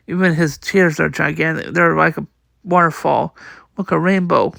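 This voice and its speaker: A man's voice: a little high, moderate pace, creaky, pushed and bright, no echo, studio quality. A man reading a manga aloud, voicing every part and the sound effects, often stumbling and repeating words. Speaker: comic reader.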